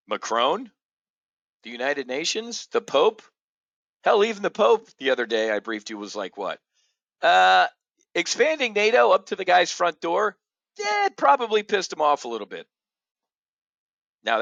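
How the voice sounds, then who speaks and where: A man hosting an opinionated market commentary show, blunt and combative, jumping from loud outbursts to low muttering. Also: creaky, no room sound. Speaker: options trading show host.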